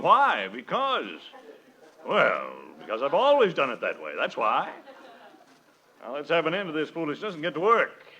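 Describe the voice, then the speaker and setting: Brief: pompous blustering businessman, bright lively voice, 1940s radio comedy, faint hiss. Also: medium pitch. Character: pompous older male insurance client, fussy and demanding. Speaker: radio sitcom actor.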